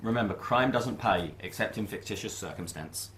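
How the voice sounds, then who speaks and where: A man playing a tabletop game, speaking dry and deadpan. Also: fairly low pitch, moderate pace, echoey room, slight background noise. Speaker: player. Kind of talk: casual chat.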